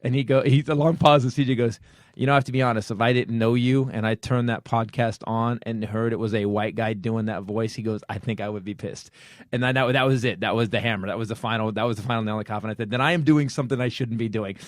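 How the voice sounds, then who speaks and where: Middle-aged man, comedy podcast host, lively storyteller, dry close-mic sound. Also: medium pitch, quick pace, no echo. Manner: animated storytelling, acts out quoted friends. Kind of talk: casual comedy podcast talk.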